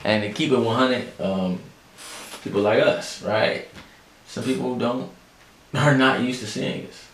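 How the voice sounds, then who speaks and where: A man hosting a podcast, telling a story in a chatty, animated way and talking straight to his listeners. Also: mid-range voice, unhurried, long pauses. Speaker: podcast host. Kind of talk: casual storytelling chat. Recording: echoey room, faint background noise.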